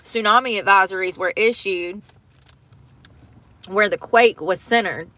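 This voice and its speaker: A young woman hosts a casual livestream, reading news stories aloud and stopping to react. Her voice is bright and forward, with exclamations and nervous laughs between the lines. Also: mid-range voice, unhurried, no echo. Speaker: livestream host.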